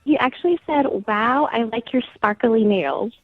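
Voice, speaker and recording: A woman's voice: on the high side, moderate pace, crowd noise. A woman calling in to a radio show, telling the story of her date in a chatty way. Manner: chatty, full of likes. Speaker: caller. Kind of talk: phone-in storytelling. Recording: dry tinny phone line.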